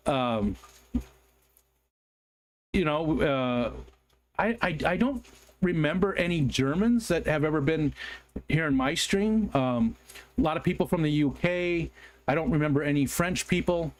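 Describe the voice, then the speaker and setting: A man's voice: a little high, animated, unhurried, long pauses. A man from the United States hosting a casual livestream, chatting and reading viewer comments aloud in a rambling, apologetic way with frequent ums and restarts. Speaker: livestream host.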